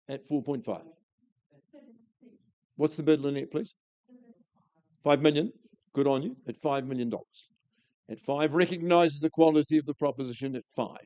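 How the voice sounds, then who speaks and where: A man's voice: on the high side, moderate pace, pauses often, a little mellow, dry recording, lo-fi sound. A man with a New Zealand accent calling a live property auction, with a florid, enthusiastic sales patter.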